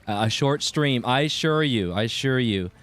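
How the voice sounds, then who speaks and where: A man's voice: medium pitch, animated, normal speed, fairly bright tone. A man streaming a video game, chatting casually and cheerfully greeting viewers in chat. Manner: upbeat, greets chatters by name, chatty asides.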